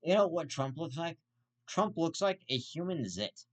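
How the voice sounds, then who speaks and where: A man's voice: a little high, very animated, moderate pace. A man hosting his own show, giving profane ranting commentary in a blunt, repetitive way. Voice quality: blunt, profane and repetitive, circling back to the same insult. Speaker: show host.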